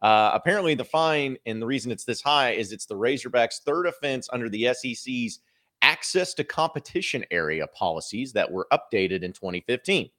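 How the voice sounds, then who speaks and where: A man's voice: mid-range voice, lively intonation, fairly quick, fairly bright tone. A man hosting a sports podcast, giving opinionated, rambling commentary with plenty of filler words.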